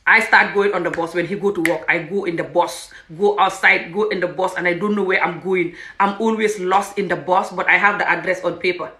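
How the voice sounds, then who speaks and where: A woman's voice: on the low side, brisk, few pauses, reverberant. A young woman from Gambia with a Gambian accent, casually telling her own story and acting out the voices of people in it. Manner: animated, acts out quoted speech, frequent "what the hell".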